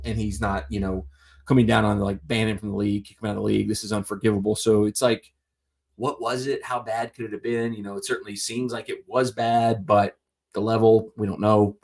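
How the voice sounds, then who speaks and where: Host for a solo sports live stream: man, lowish voice, casual and rambling. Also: darkish tone. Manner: rambling, many fillers and restarts.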